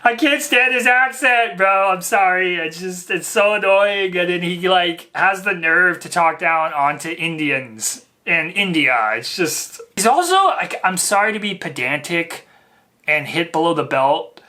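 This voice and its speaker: Bright-voiced man doing reaction commentary. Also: high voice, measured pace. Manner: rambling, filler-heavy, mocking. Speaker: reaction video host. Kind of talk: casual commentary.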